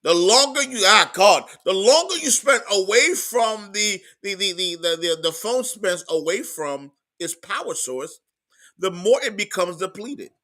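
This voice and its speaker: A man preaching a sermon in an emphatic, repetitive style, moving between quiet stretches and loud outbursts. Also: sits high, lively intonation, a little slow. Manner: emphatic preaching, repeats words, swings from soft to loud.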